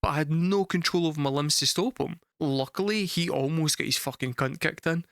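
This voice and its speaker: A man's voice: a little high, fairly quick, gravelly, no room sound. Swearing, storytelling Scottish man, dry sound. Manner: animated, swears freely, laughs through the punchlines. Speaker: music reaction streamer. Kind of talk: casual storytelling to a live chat.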